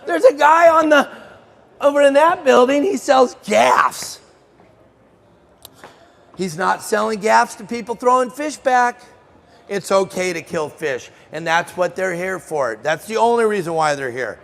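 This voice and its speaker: A man's voice: high voice, expressive, moderate pace, creaky. A middle-aged man giving a live fishing seminar, joking with and quizzing the audience by name. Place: trade show hall. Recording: long hall reverb.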